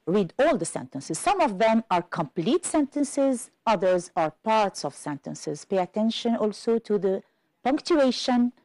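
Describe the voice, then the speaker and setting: Slow, lively-pitched woman teaching English. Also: no echo, low-quality recording. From Algeria. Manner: slow, careful classroom explanation. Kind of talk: televised exam-prep lesson.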